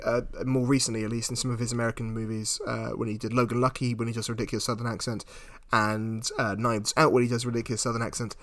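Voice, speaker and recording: A man's voice: mid-range voice, fairly bright tone, no room sound. Man retelling a film plot. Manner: retells plot at length with many restarts. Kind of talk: casual film discussion.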